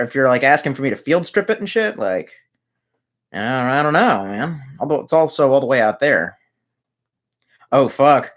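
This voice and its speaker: A man's voice: medium pitch, a bit bright. Male streamer in his room, reading chat, loose and rambling, swears freely. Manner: rambling and profane, often muttering asides. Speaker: livestreamer reading chat comments. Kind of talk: casual livestream chat. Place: his messy room at home.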